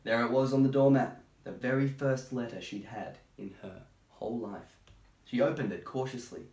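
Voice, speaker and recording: A man's voice: medium pitch, steady tone, normal speed, vocal fry. Man reading a picture book, echoey room. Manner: chatty, gentle, sympathetic asides. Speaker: storytime reader. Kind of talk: reading a picture book aloud with casual asides. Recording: roomy echo.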